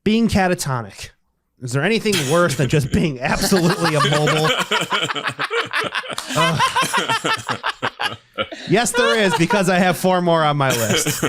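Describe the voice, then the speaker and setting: A man co-hosting a comedy podcast, reading a silly top-five list in a deadpan, mock-ranting way. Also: fairly high pitch, unhurried, long pauses, background noise. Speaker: podcast co-host.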